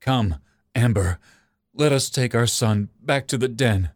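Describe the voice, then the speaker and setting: A man voicing a grieving young father fox gently comforting his mate in a storybook reading. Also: medium pitch, unhurried, dry recording, clean studio sound, close to an everyday voice. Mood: sorrowful.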